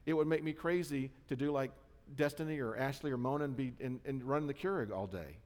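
A man's voice: mid-range voice, fairly quick, a little mellow. A male pastor preaching a sermon in a conversational, self-deprecating way, often checking in with the congregation. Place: church sanctuary. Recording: long church hall reverb.

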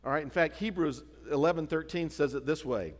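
A man's voice: a little high, brisk. A middle-aged man preaching a sermon as pastor, talking in a conversational way with frequent restarts and asides. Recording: long hall reverb.

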